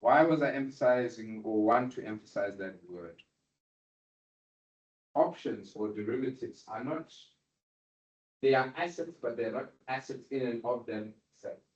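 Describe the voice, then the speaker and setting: With a mid-range voice and measured pace, this university lecturer frequently stops to ask students whether they're following along. His questioning style keeps checking their understanding. The audio is a roomy, dull recording of the lecture room.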